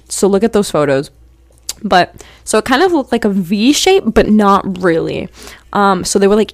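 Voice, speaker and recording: A young woman hosting a podcast, telling a story casually, rambling and saying "like" all the time, getting animated when she quotes herself. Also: mid-range voice, no echo. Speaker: podcast host.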